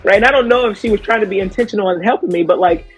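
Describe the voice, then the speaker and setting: A woman basketball coach telling stories in a quick, chatty way during an interview. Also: medium pitch, breathy edge, soft background music. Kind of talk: casual video interview.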